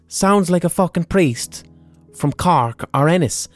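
A man's voice: fairly high pitch, lively intonation, a little slow, faint music behind. A man with an Irish accent hosting a casual history podcast, talking bluntly with swearing, ums and asides. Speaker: podcast host.

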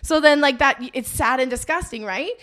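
A woman's voice: sits high, moderate pace, a bit bright. Giggly woman telling a rambling story. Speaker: comedian podcast co-host. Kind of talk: casual comedy podcast chat.

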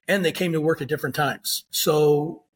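Older man, ex-undercover cop, husky voice, plain storyteller who acts out the exchanges. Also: fairly high pitch, normal speed. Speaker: former undercover officer and author. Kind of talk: storytelling interview.

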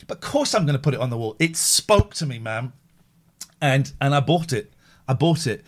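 Lively man hosting a stream. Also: mid-range voice, moderate pace. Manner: animated, acts out voices in anecdotes. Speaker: livestream host. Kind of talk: casual chat.

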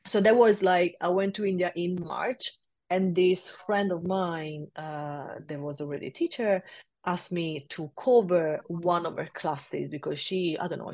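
Woman, 40s, interview guest; animated storyteller, lower-pitched voice, dry close sound. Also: no echo. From south-west London. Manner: lively, laughs often, acts out past conversations. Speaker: interview guest, yoga teacher.

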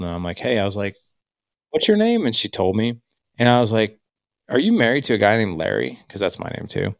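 A man's voice: fairly low pitch, vocal fry, dry recording, studio quality. A man, candidly telling his life story in a reflective way. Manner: candid, reflective, quotes himself and others. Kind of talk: personal storytelling.

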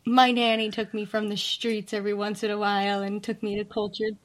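A woman's voice: medium pitch, level tone, a little fast, a little hiss or hum. A woman co-hosting a podcast, chatting casually with playful, jokey asides. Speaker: podcast co-host. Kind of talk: casual chat.

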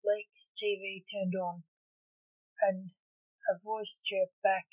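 A woman reads her own story aloud at a slow, careful pace and voices the characters as she goes. The recording is dull and lo-fi, close and dry with no room echo. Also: mid-range voice, little pitch movement, a little mellow. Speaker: author and narrator.

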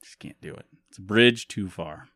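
A man's voice: sits low, moderate pace, a bit bright, no echo. A young man co-hosting a podcast in casual chat, rambling and laughing often. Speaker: podcast co-host.

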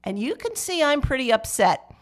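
An older woman telling a chatty, expressive anecdote in casual conversation. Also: high voice, normal speed.

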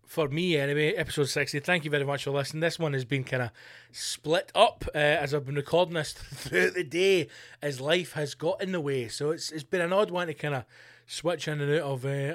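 Lively man hosting a podcast. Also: on the high side, moderate pace, no echo, studio quality. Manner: animated, sweary, laughs while reading news aloud. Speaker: podcast host. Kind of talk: casual solo podcast chat.

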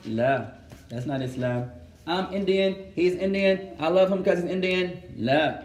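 Animated man teaching in an echoey room. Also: high voice, a little slow. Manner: animated, switches between Arabic and English, asks the class questions. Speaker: Islamic teacher. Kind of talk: classroom religious lesson.

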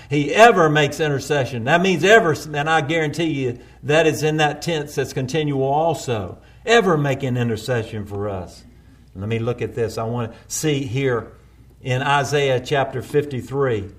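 A male preacher delivering a sermon, building intensity through repeated refrains and slowing down for quoted prayers. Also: mid-range voice.

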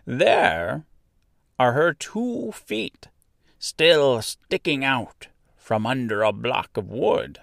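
A man voicing a kindly little old good witch who speaks calmly in a storybook reading. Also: medium pitch, drawn-out words, creaky, no echo, clean studio sound, pitched above the performer's own voice, full character voice. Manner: calm, gently laughing.

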